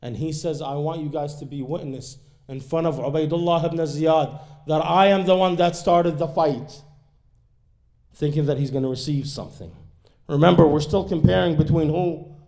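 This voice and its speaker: Male preacher, fairly high voice, dramatic storyteller who quotes Arabic verses and translates them. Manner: dramatic storytelling, swinging between hushed and raised lines; quotes classical Arabic lines quickly, then translates them. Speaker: speaker at a religious gathering. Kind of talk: sermon narrating a historical account. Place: mosque or community center hall.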